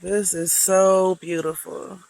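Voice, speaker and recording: A hiking vlogger, speaking slowly and reflectively, encouraging viewers while out on a wooded trail near waterfalls. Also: mid-range voice, level tone, creaky, a little mellow, rough recording. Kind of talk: motivational outdoor vlog.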